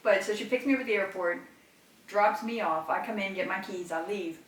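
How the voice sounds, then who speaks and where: Woman, middle-aged, casual chat, animated storytelling, echoey room. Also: mid-range voice, fairly quick. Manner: animated storyteller, laughs a lot. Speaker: podcast co-host, mother. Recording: echoey room, mic at a distance.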